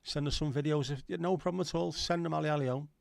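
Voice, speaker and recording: A man's voice: a little high, steady tone, quick pace, creaky, dry recording. A middle-aged man hosting a casual livestream, rambling, swearing now and then and answering chat comments. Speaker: livestream host.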